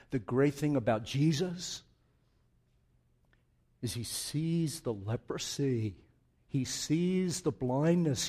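A man preaching a sermon, moving from quiet, intimate remarks to loud, emphatic passages with conversational asides to the congregation. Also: medium pitch. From Southwest United States. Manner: dynamic, swings from hushed to loud and emphatic. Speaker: pastor.

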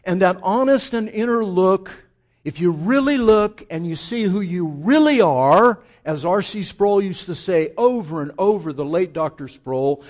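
A man preaching a sermon with a high, lively voice that climbs and drops widely. He talks straight to the congregation and acts out the lines of the people in his story. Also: unhurried. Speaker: pastor.

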